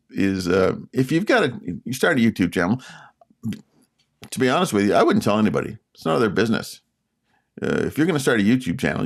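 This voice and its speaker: Raspy Canadian man giving casual advice. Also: fairly low pitch. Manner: rambling, many filler words and restarts. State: sore throat. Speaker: YouTube channel host.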